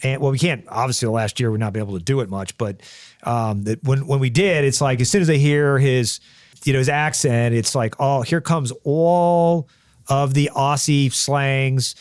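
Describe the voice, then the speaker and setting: A man's voice: mid-range voice, brisk, no room sound, studio quality. A man co-hosting a podcast interview, joking and telling stories in a casual way. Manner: joking, storytelling. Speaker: podcast co-host.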